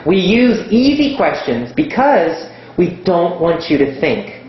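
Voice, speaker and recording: Slow, emphatic male English teacher. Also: high-pitched, big pitch swings, heavy reverb, dull audio. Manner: slow, emphatic, repeats words for stress. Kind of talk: teaching lesson.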